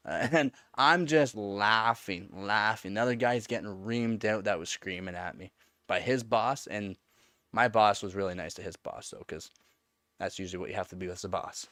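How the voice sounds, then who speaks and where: Low-voiced man rambling on a live stream. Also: moderate pace, fairly bright tone, no echo, studio quality. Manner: rambling storytelling with frequent fillers and laughs. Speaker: live streamer answering chat. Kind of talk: casual live-stream chat.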